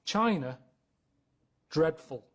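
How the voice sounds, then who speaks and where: A man with a Mancunian accent, chatting casually as an interview guest and grumbling in a deadpan way. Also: on the high side, drawn-out words. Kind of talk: casual chat.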